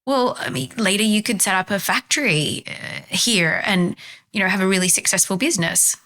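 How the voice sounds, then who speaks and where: A woman voicing an eager, incredulous male American tourist who asks rapid, insistent questions. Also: medium pitch, bright, forceful tone.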